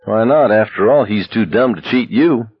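A man's voice: lowish voice, normal speed, slightly rough, pitched above the performer's own voice. A man voicing a tired young man with a wry, good-humored manner in a slightly muffled recording.

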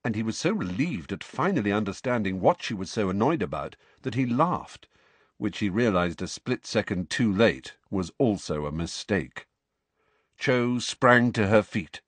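A man narrating a novel aloud with expressive storytelling. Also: lowish voice, moderate pace, husky, no room sound. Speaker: audiobook narrator. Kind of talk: scripted narration.

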